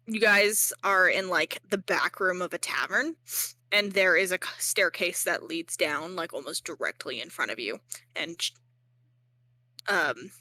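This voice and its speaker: A woman's voice: lowish voice, pushed and bright, dry recording. A young woman narrating as game master in a casual, rambling way, full of fillers and joking at herself.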